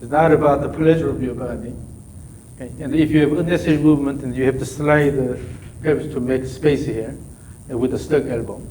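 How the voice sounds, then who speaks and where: A man's voice: mid-range voice, steady tone, a little fast, dark tone, a little hiss or hum, rough recording. A man whose first language is Korean, coaching a golf student with short, repeated instructions. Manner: short repeated instructions, non-native phrasing. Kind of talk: coaching a student during practice.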